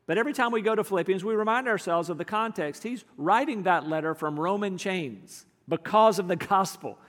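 High-voiced man preaching in a hall. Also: brisk. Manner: earnest preaching, shifting between emphatic and hushed. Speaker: pastor. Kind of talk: sermon.

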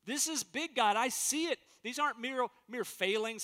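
A man's voice: very high-pitched, normal speed, few pauses, bright, forceful tone. A man preaching a sermon as pastor, earnest and emphatic, acting out quotes in different voices. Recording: long hall reverb.

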